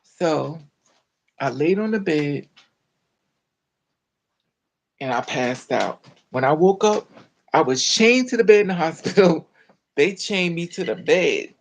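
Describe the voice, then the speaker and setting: A woman recounting a personal story in an animated, dramatic way, full of colloquial slang. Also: low voice, measured pace, rough recording. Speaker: storyteller vlogger.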